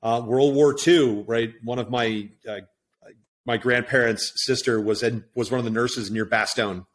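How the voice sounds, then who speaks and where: A man's voice: medium pitch, fairly even intonation, measured pace. A middle-aged man talking as a podcast guest in a casual, reflective way, often checking in with "right?". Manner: reflective, tags points with "right?". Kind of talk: casual conversation.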